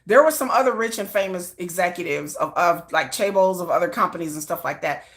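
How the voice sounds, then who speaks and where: A woman with a Texan twang hosting a casual livestream, chatty and animated, often restarting her sentences. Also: fairly low pitch, brisk. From Texas. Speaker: K-pop news livestream host.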